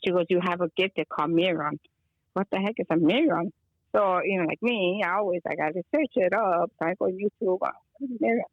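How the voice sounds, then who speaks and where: A woman's voice: lowish voice, brisk, no room sound, narrow, tinny audio. A woman from Chicago, a guest calling in, telling a rambling story and slipping Spanish phrases into her talk. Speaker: guest, energy healer. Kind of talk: casual phone-in chat. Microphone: phone call.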